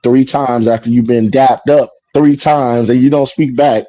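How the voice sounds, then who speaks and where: A man from Chicago tells a personal story in an easy, casual way, acting out the lines people said and filling in with "you know." His voice is warm and mellow. The recording is dry and slightly muffled. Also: mid-range voice, steady tone, measured pace, dry recording. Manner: acts out dialogue, lots of "you know".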